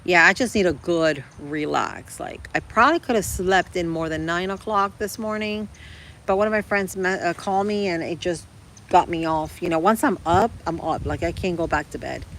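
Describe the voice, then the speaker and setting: A woman's voice: lowish voice, normal speed, fairly bright tone, a little hiss or hum, low-quality recording. A woman chatting casually with her livestream viewers, rambling and calling them girl and guys. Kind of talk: casual live chat.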